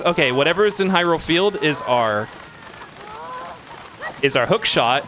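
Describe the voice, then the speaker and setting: A man casually commenting on his own gameplay as a streamer, excitable and talking to himself as he plays. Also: on the high side, moderate pace, pauses often, slight background noise. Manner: excitable, talks to himself while playing.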